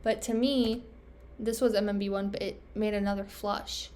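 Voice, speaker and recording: A woman's voice: medium pitch, steady tone, moderate pace, darkish tone, a little hiss or hum. A young woman trader thinking aloud over her charts, self-critical and trailing off, losing her voice. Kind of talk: casual self-talk screen recording.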